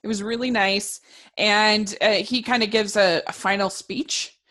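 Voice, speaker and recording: A woman talks in a relaxed, casual chat. She speaks hesitantly and pauses a lot between her thoughts. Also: medium pitch. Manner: relaxed, hesitant, many fillers.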